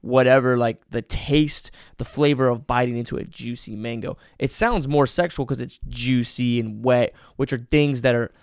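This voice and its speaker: A man hosting a podcast, giving casual advice in an energetic, emphatic way with many fillers. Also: mid-range voice, moderate pace, creaky, few pauses, clean tone, no echo, clean studio sound. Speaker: podcast host.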